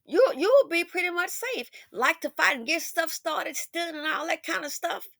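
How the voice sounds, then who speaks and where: A woman host giving impassioned social commentary, swinging between loud emphasis and hushed asides. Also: very high voice, moderate pace, gravelly, dry recording, studio quality.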